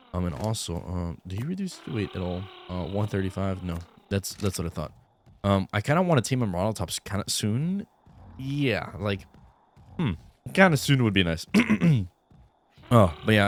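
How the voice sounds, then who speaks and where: A man's voice: fairly low pitch, a little hiss or hum. A young man giving casual, rambling let's-play commentary with lots of fillers, still in his groggy morning voice. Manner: rambling, many fillers, easygoing. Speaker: gaming YouTuber.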